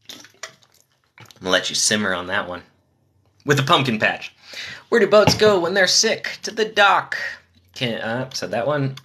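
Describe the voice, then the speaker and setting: A man on a casual live stream, reading dad jokes in quick succession and chatting with viewers between them. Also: medium pitch, sharp tone, breathy edge. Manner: rapid-fire jokes with chatty asides to viewers.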